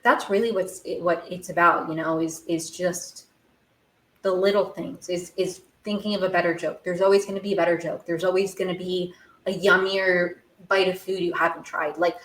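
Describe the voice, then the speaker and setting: Young woman podcaster, slightly low voice, effusive and rambling, echoey room. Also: fairly even intonation, moderate pace, a bit bright, slight background noise. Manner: gushing, rambling, many "like"s and restarts. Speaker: podcast host. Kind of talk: casual recap chat.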